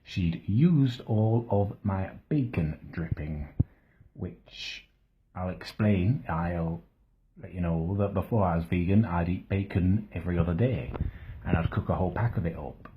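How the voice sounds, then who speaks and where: An actor playing a crude, self-pitying middle-aged bloke who talks to camera in a rambling, matter-of-fact deadpan, muttering asides under his breath. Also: deep voice, measured pace, narrow, tinny audio, a little hiss or hum. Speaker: comedy vlogger character. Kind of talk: deadpan comic monologue to camera.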